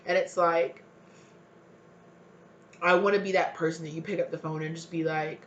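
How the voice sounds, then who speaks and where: Low-voiced woman giving an emotive tarot reading. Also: flat delivery, moderate pace, a little hiss or hum. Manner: emotive, voices imagined partner's pleas; rambling, many fillers and restarts. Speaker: tarot reader.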